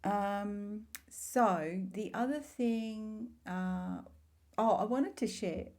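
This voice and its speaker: A middle-aged woman talking casually to camera as a spiritual vlogger, telling stories in a heartfelt, rambling way with warm asides. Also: mid-range voice, drawn-out words.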